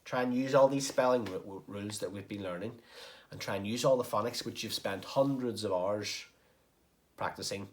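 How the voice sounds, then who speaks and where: A man's voice: fairly low pitch, moderate pace. Encouraging primary teacher, man. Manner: encouraging, explains step by step. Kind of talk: recorded home-learning lesson.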